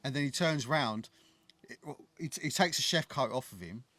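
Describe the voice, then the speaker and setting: A man co-hosting a casual film podcast, his voice sitting in an everyday middle pitch. He rambles, restarts sentences and swears freely. The recording is dry and close, with no room sound. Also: expressive, brisk, sharp tone, no echo. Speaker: podcast co-host.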